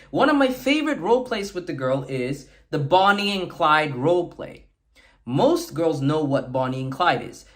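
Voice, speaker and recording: An emphatic man gives dating advice straight to camera. His pitch swings widely as he punches key words. He keeps checking in with a quick "okay?" and slips into little acted-out lines. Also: a bit bright. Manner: emphatic, repeats "okay?" often; acts out sample lines in varied tones. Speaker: dating coach. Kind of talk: talking-head coaching video.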